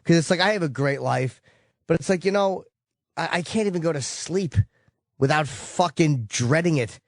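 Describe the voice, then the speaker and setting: A man's voice: a little high, normal speed, no room sound, clean studio sound. A tired, cranky man hosting a call-in show, talking bluntly and cursing a lot as he rants, with a New York accent. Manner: blunt, profane, ranting. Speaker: host.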